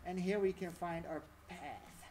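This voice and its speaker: A woman's voice: fairly low pitch, fairly even intonation, measured pace, mellow, a little hiss or hum. A woman talking through a casual live-stream tutorial, chatty and rambling, laughing often.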